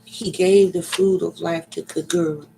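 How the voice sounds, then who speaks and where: A man giving a slow, dramatic reading of an ancient myth, with deliberate pacing and sudden loud cries. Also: on the high side, steady tone, gravelly, a little hiss or hum, poor audio.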